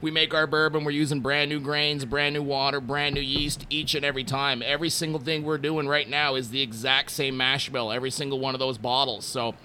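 A man from Montreal, Canada, talking casually about his work at a distillery, telling relaxed stories with lots of fillers. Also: mid-range voice, brisk, hardly any pauses, a little hiss or hum. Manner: relaxed storytelling with many fillers. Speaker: distillery brand representative. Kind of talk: casual interview talk.

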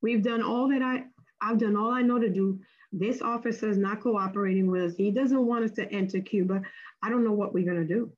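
A woman with a husky, slightly breathy voice tells a faith testimony like an animated storyteller. She leaps up in pitch whenever she acts out what someone said. The audio is a little muffled and lo-fi. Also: fairly quick. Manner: acts out quoted speech with big pitch jumps. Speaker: guest sharing a testimony.

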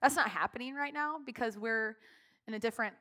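A woman's voice: on the high side, brisk, bright, forceful tone. A woman leading worship in a church, talking off the cuff with emotion, often laughing, her speech full of "like.". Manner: emotional, laughing through her words, heavy use of "like". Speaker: worship leader. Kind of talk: impromptu church talk. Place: church sanctuary.

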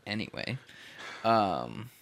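A man with a bright, forward voice that swings widely in pitch, bantering crudely on a podcast. He laughs a lot, swears freely and trails off with ums between jokes. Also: very animated, slow pace, vocal fry. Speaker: podcast co-host.

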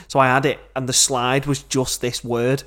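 A man's voice: mid-range voice, flat delivery, normal speed, fairly bright tone. A man with a Scouse accent, a podcast host in casual chat, rambling and self-mocking.

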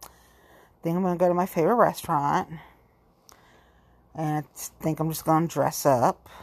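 A woman in her forties with a low, husky voice delivers a rambling, blunt, profane monologue to camera. She's a vlogger speaking candidly.

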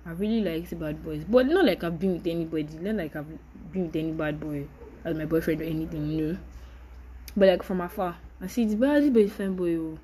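A woman's voice: low-pitched, a little fast, warm tone, slightly rough, poor audio. A young woman, hosting a casual solo podcast and talking candidly in a chatty, apologetic way. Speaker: podcast host.

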